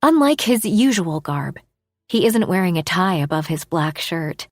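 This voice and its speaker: A woman narrating a romance audiobook in the first person, expressive, dropping to a hush for inner thoughts. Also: lowish voice, unhurried, dry recording.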